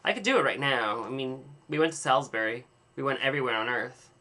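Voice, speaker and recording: A man's voice: medium pitch, expressive, quick pace, sharp tone. A young man rambling in a casual video diary, telling an exaggerated, dramatic story with playful self-mockery. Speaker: vlogger.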